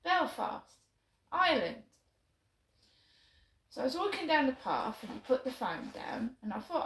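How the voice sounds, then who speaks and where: A woman's voice: high-pitched, big pitch swings, unhurried, long pauses, fairly bright tone, roomy sound, rough recording. A woman telling a flustered, chatty story to her phone camera while out walking at night. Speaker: vlogger. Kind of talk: casual vlog monologue. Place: outdoors at night on a walk.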